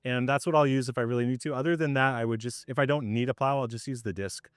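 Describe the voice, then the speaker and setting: A man leading a farm tour outdoors, explaining his farming in a casual, conversational way with lots of fillers, his voice slightly hoarse. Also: medium pitch, fast talker, no room sound. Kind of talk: explaining while walking a group around.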